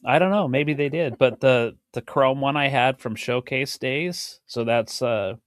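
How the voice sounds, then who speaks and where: A middle-aged man who hosts a podcast and teaches drums chats casually with the hiccups, rambling, cutting himself off, and laughing often. His voice is medium in pitch and a little slow, recorded in studio quality with no echo.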